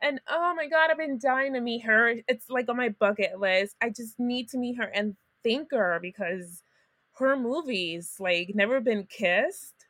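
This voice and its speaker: Gushing higher-voiced woman, dry sound. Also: measured pace, a bit bright, dry recording. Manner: gushing, enthusiastic, swears freely. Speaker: podcast guest. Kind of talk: casual recap chat.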